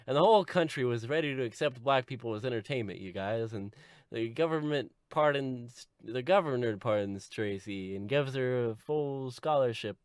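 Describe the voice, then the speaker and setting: A man giving a deadpan, sarcastic comedic plot recap as a video host. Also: smooth, no echo, clean studio sound. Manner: deadpan sarcastic, lively swings in pitch.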